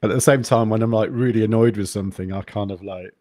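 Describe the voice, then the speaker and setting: A man chatting as a podcast guest, even-toned and understated, with lots of hesitant restarts. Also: fairly low pitch, quick pace, no echo, clean studio sound. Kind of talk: casual podcast chat.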